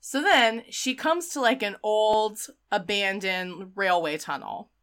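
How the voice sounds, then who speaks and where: A woman co-hosting a casual chat, retelling a film scene by scene in an animated way, with frequent laughs. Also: mid-range voice, takes it slowly. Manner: animated storyteller, acts out the quotes, laughs often. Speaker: podcast co-host. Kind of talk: casual movie recap chat.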